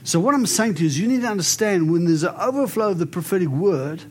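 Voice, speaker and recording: A man preaching and praying over people in an animated, storytelling way. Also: high voice, fast, a little hiss or hum. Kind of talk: prophetic ministry preaching and prayer.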